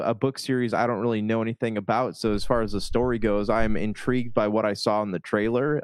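A man with a fairly low voice talks through his thoughts on a film in a casual, hesitant way. He restarts sentences and fills gaps with "like". The recording is dry and close. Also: no room sound. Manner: hesitant, lots of restarts and likes. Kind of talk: casual movie chat.

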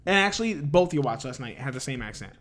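Lively blunt man in casual chat. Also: medium pitch, quick pace. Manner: blunt and argumentative, swears freely.

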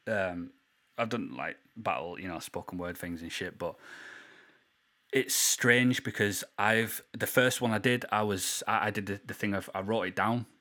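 A man's voice: lowish voice, normal speed, bright, forceful tone. A man hosting a podcast, laid-back, swearing casually and saying "yeah" and "you know" a lot. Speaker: podcast host.

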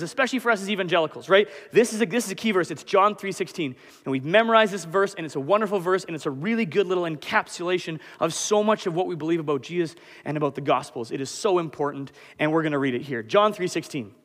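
Young man preaching in a reverberant hall. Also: a little high. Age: 20s. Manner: animated, conversational, self-deprecating. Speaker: pastor. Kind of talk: sermon. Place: church hall.

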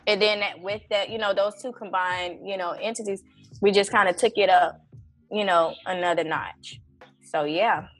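A woman in her thirties telling a personal story in casual conversation, animated and acting out her own prayers with lots of "you know". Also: medium pitch, normal speed, faint music behind. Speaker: event organizer and guest.

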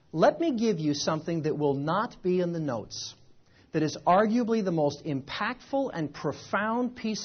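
Husky-voiced man lecturing a seminar crowd. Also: fairly high pitch, lo-fi sound. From United States. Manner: animated, repetitive, rhetorical questions to the audience. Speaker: seminar speaker. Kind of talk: motivational seminar talk. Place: event room with a live audience.

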